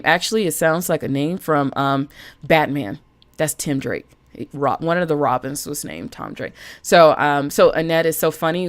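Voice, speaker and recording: Greeting her viewers by name, a low-voiced woman hosts a casual live stream as a budget coach in a chatty, animated manner.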